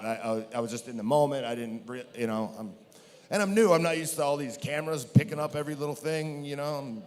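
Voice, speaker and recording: A man telling a story from his career in a rambling, self-mocking way, with many restarts. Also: medium pitch. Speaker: guest. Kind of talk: storytelling on a podcast. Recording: long hall reverb.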